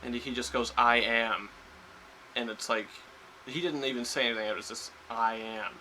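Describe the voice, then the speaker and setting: A man with a mid-range voice talks fast in a sharp tone, giving a casual, spoiler-filled film review that rambles with plenty of fillers and restarts. The low-quality recording carries a slight hiss or hum.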